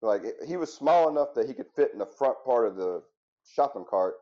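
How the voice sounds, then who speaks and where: A man's voice: medium pitch, lively intonation, fairly quick, mellow, highs cut off. A man in his thirties, a former firefighter, telling his story in an interview in an earnest, reflective way. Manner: earnest and reflective, with frequent restarts. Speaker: interview guest, former firefighter turned business owner.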